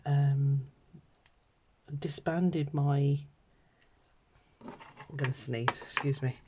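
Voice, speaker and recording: A middle-aged British woman with a croaky throat, chatting and rambling casually while she stamps and colours a card. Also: rumbling low, darkish tone, a little hiss or hum. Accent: British English. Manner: chatty and rambling, many ums and asides. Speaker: craft vlogger.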